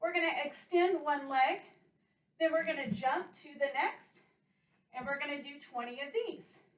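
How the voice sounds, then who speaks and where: A high-pitched woman coaches children through a home workout, counting out loud and explaining each move simply. She sounds a little winded. The webcam picks her up from across an echoey room. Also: moderate pace. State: a little out of breath. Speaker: elementary school PE coach. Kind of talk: home workout lesson for kids. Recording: roomy webcam sound from a distance.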